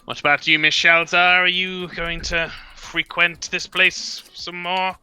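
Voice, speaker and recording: Man plays a polite gentleman, very bright, smooth voice, faint music. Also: sits high, level tone, a little slow, heavily acted. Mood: courteous. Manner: courteous, hesitant.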